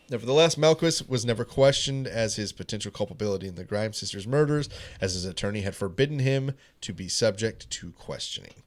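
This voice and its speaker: A man hosting a podcast in a studio, reading a true crime story from notes and running a playful trivia quiz. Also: lowish voice. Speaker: podcast host.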